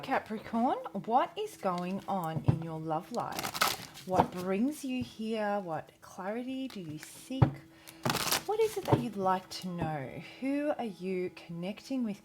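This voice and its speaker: An Australian tarot reader does a casual vlog reading, chatty and enthusiastic, often cutting herself off mid-sentence, and she sounds out of breath. Her mid-range voice has lively intonation and an unhurried pace, with heavy background noise around her.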